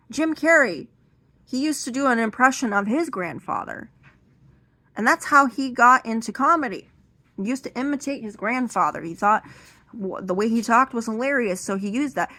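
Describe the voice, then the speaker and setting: A woman's voice: on the high side, expressive, moderate pace, pushed and bright. Indignant ranting young American woman. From United States. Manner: ranting, indignant, profane, with restarts. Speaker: amateur comedian. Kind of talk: amateur stand-up monologue.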